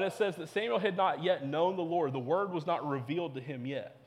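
Young man, youth pastor, earnest sermon, slightly high voice, echoing hall reverb. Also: a little fast. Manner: earnest, preachy repetition. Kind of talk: sermon to teens.

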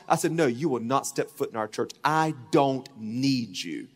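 A man preaching a sermon as pastor, telling a story and acting out the voices in it, swinging from loud to hushed. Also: mid-range voice, lively intonation, moderate pace, big-room sound. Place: church sanctuary.

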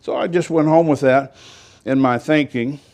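A man's voice: medium pitch, moderate pace, darkish tone. An older man, a pastor, telling a story in a rambling, folksy sermon with self-deprecating humor.

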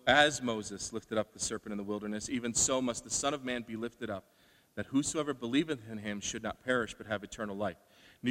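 A man preaching a sermon, animated and asking rhetorical questions, acting out the voices he quotes. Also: medium pitch, in a large hall.

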